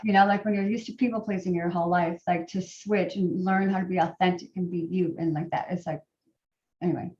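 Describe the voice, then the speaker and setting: A middle-aged woman telling a personal story to a group, in a halting way with many fillers and restarts. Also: mid-range voice, slight background noise. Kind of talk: personal testimony talk. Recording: roomy, distant, dull sound.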